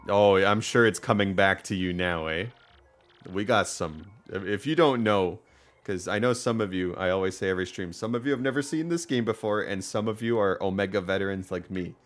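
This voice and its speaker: A man's voice: lowish voice, a little fast. A man chatting casually while streaming a game, upbeat and full of fillers. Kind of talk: let's play commentary.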